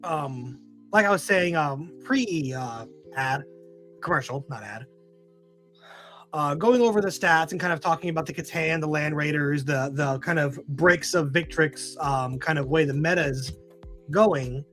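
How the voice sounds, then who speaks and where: A man's voice: on the high side, unhurried, fairly bright tone, soft background music. A man hosting a casual podcast chat, telling rambling self-mocking stories full of fillers. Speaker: podcast host.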